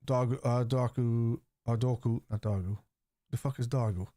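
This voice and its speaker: Man, fan channel host, casual chat reply, blunt and sweary, mellow tone, dry close sound. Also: mid-range voice, steady tone, normal speed, no room sound. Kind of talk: live match watchalong, reading chat.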